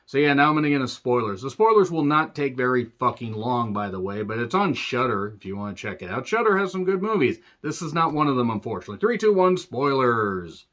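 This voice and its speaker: A man's voice: medium pitch, lively intonation, quick pace, hardly any pauses, a bit bright, highs cut off. A man giving a sarcastic, profane movie review rant, full of rambling asides.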